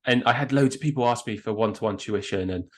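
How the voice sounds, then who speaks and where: Chatty English man, low voice, stammering. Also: quick pace. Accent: southern English. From England. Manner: enthusiastic, self-deprecating, frequent stammered restarts. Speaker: guest photographer. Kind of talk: casual podcast interview.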